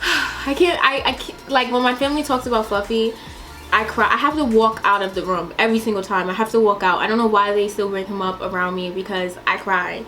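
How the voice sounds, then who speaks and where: A young woman chatting in a casual question-and-answer vlog, dramatic and animated, laughing often and swearing. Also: mid-range voice, a little fast, soft background music. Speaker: vlogger.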